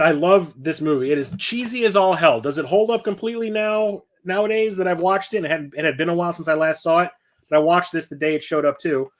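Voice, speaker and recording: A middle-aged man chatting casually about his new movie purchases, rambling and enthusiastic. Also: a little high. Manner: enthusiastic and rambling, quoting movie lines with laughs. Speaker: host of a physical media collection show.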